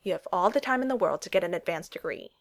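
A reserved, serious young man who speaks in a flat, restrained way, voiced by a woman reading a story aloud. His lines are low-key and held back in this audiobook reading. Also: fast talker, gravelly.

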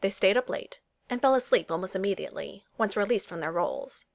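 A woman narrating a romance story as an audiobook, in a steady, even storytelling manner. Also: medium pitch, fairly quick, gravelly.

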